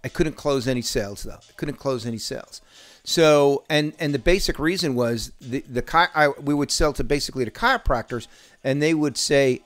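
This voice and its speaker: A man's voice: medium pitch, animated, normal speed, soft background music. A man in his fifties telling profane, boisterous sales stories in a casual podcast chat. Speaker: podcast host.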